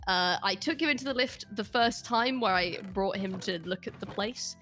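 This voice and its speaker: A woman in casual chat, animated and laughing as she acts out people in her stories. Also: medium pitch, moderate pace, soft background music. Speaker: guest.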